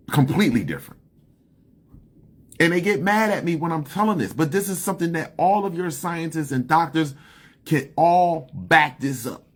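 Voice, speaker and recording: A man ranting profanely and heatedly on a casual live stream, his voice climbing high when he gets worked up. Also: husky. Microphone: phone.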